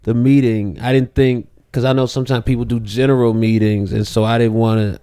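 A man telling a rambling story in a relaxed backstage interview, acting out his own thoughts in quotes. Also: mid-range voice, fairly quick, smooth, no room sound.

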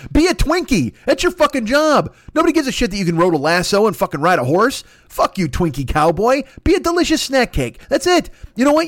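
Profane ranting man, high and lively. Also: no echo, studio quality. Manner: profane, exasperated ranting with mock voices. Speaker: comedian. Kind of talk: improvised comedic rant.

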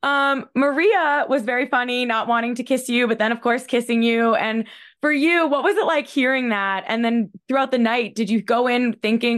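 A woman's voice: on the high side, normal speed, clear, resonant tone. A woman hosting a casual interview, asking chatty, upbeat questions. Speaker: podcast host.

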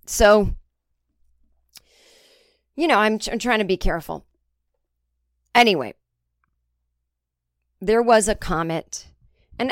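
A woman's voice: mid-range voice, no echo, clean studio sound. A woman comedian hosting her own podcast, talking in a candid, rambling and sometimes profane casual monologue. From United States.

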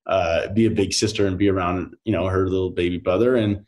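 A man's voice: low-pitched, fast. Chatty man telling stories with many fillers. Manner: rambling, animated storytelling with frequent fillers. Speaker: actor and podcast guest. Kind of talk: casual interview chat.

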